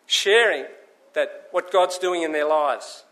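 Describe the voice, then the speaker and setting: A man preaching a sermon, telling stories in an animated way and acting out the voices of the people in them. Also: on the high side, takes it slowly. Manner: animated storytelling, acts out the voices in his stories.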